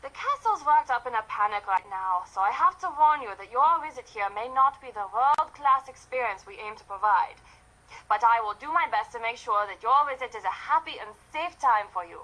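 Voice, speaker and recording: German accented castle steward lady, polite and formal, bright voice, kinda high. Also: lively intonation, a little fast, rough recording. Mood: earnest. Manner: courteous, formal, slightly apologetic.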